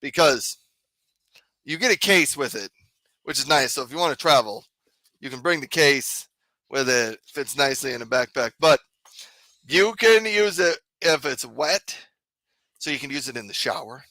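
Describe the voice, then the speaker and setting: A man's voice: mid-range voice, animated, moderate pace, pauses often, pushed and bright, dry recording, low-quality recording. A man from the US Midwest, co-hosting a live shopping stream with casual, giggly banter and frequent laughs. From South Dakota, US Midwest. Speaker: co-host.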